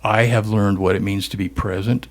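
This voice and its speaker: Low-voiced man telling a story. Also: moderate pace. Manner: animated storyteller acting out dialogue. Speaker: guest. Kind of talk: storytelling interview.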